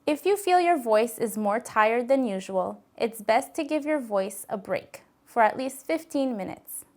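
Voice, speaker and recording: A woman with a slightly raised pitch reads a scripted lesson. Her delivery is calm, clear and gently instructive, with steady pacing. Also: measured pace. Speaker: narrator of a voice-care video.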